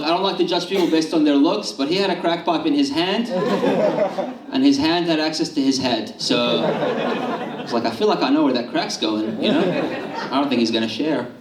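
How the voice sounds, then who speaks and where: A man from Syria doing a stand-up set on a club stage, deadpan and self-mocking, with a handheld mic. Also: mid-range voice, heavy background noise. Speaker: stand-up comedian. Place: comedy club stage with a live audience. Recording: echoey room, heard from a distance. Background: loud audience laughter.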